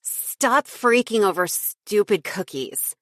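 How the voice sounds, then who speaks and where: A woman's voice: medium pitch, animated, takes it slowly, fairly bright tone, no room sound, studio quality, voice pushed up. A woman doing a tipsy, bossy teen girl. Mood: stern. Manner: stern, slightly slurred.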